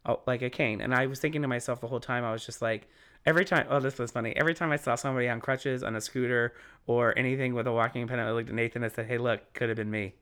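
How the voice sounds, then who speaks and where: A man in his late twenties chatting casually and telling a profane, animated story, acting out the people in it. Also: mid-range voice, rapid-fire, clean tone. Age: late 20s.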